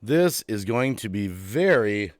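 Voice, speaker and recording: A man hosting his own channel's live stream, agitated and worked up, repeating phrases and swinging between quiet and loud. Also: lowish voice, sing-song, takes it slowly, no room sound, clean studio sound. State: agitated, heart racing. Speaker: YouTube channel host. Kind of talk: emotional live-stream rant.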